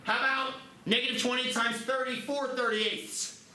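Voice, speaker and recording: A man teaching a math class, lively and joking, with quick asides to his students. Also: very high voice. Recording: roomy classroom, mic at a distance, background noise.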